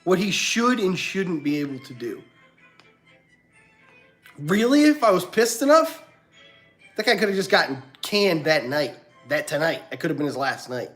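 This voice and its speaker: A man rants through a story on his livestream. He is animated and acts out other people's lines with big jumps in pitch. Faint music plays behind him. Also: moderate pace, long pauses. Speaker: livestream host. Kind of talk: casual storytelling rant.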